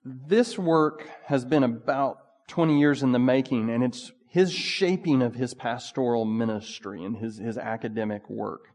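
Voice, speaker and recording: Man, pastor, conversational sermon, lively asides, echoing church hall. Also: medium pitch, a little slow, hardly any pauses. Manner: conversational, animated preaching with asides.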